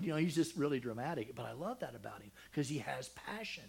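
An older man preaching a sermon, telling a personal family story with deep feeling, dropping to a hush and then rising loud, with many restarts. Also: very animated, normal speed, gravelly, breathy edge. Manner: emotional, swings from loud and high to hushed and soft; rambling with frequent restarts.

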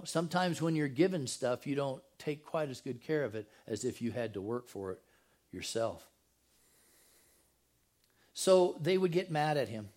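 A man's voice: a little high, a little mellow. A man pastoring a church, preaching a sermon in a casual, joking way and asking his congregation questions. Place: church sanctuary.

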